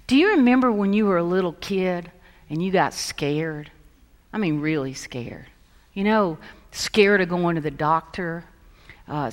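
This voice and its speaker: A woman pastor preaching a sermon, telling stories and moving between lively emphasis and hushed soft passages. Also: fairly low pitch. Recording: long reverb of a large hall.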